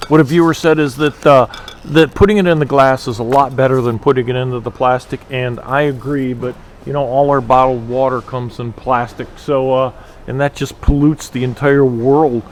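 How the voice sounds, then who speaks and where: A man's voice: medium pitch, steady tone, normal speed, a little hiss or hum. A man filming a casual shopping vlog, walking a big warehouse store and talking to the camera in an exasperated way about prices. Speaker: shopping vlogger.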